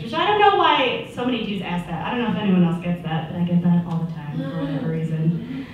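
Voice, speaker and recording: A woman's voice: medium pitch, animated, brisk, a little mellow, a little hiss or hum. A woman in her twenties doing a stand-up comedy set, telling stories in a chatty way and acting out the people in them. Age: 20s. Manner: chatty storytelling, acts out voices. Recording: echoey room, mic from a distance.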